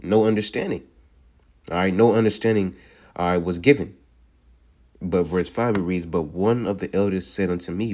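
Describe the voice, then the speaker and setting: A low-voiced man teaches a sermon from the Bible in a mellow, relaxed tone. He reads the verses slowly and keeps saying "all right" as he walks through what each part means. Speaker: preacher. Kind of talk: scripture teaching.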